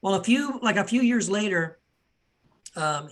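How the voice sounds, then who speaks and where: A man co-hosting a podcast who tells stories in a lively, animated way and repeats himself as he restarts his sentences. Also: high-pitched, measured pace. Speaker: podcast co-host. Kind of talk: casual conversation, telling anecdotes.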